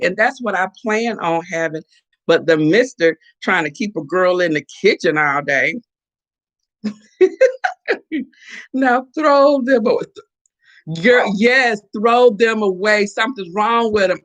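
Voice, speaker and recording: A woman's voice: on the low side, a bit bright. Chatty woman hosting a morning live chat. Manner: chatty, playful, talks back to viewers. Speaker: live-stream host. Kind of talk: casual morning chat reading viewer comments.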